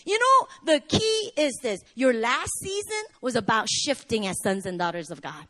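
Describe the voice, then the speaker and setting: A woman in her thirties preaching a sermon as a pastor, emphatic, moving between loud exclamations and soft, low asides. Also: sing-song, normal speed, hardly any pauses.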